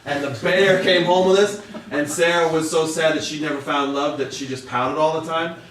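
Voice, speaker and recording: A man's voice: fairly high pitch, steady tone, normal speed, fairly bright tone, a little hiss or hum. A man improvising an absurd comic story about a slide show, rambling and often laughing at his own lines. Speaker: comedian. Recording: very echoey room, far from mic.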